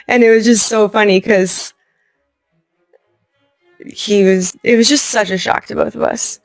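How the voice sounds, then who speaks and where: A young adult woman telling a personal story as an interview guest, acting out what people said to her with lively voices and laughing often. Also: mid-range voice, moderate pace, pauses often, no room sound, soft background music. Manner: animated retelling, acting out quoted lines, laughing often.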